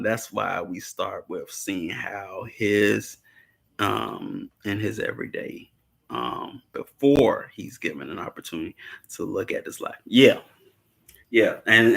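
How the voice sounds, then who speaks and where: Man, casual film recap, bright forward tone, rambling delivery, frequent chuckles. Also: fairly low pitch, gravelly. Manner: rambling, chuckles often, acts out characters' lines. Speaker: movie discussion participant.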